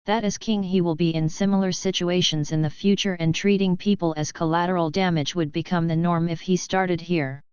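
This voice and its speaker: A woman reading an action story aloud in an even, measured way. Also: lowish voice, smooth, dry recording, lo-fi sound. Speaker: narrator. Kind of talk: storybook narration.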